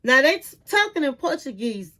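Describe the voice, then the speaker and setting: A woman's voice: high voice, sing-song, normal speed, sharp tone, low-quality recording. A middle-aged woman giving chatty, candid commentary as she recaps a reality TV episode, often calling the listener "honey.".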